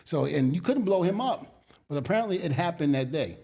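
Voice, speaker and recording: A middle-aged man, a guest in an interview, telling animated stories in a casual way and laughing often as he goes. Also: a little high, a little fast, vocal fry.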